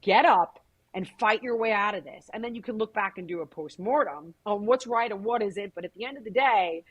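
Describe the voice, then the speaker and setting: A woman's voice: medium pitch, fairly quick, breathy edge, highs cut off. A middle-aged woman speaking bluntly and emphatically as an interview guest, with frequent swearing. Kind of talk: candid conversational interview.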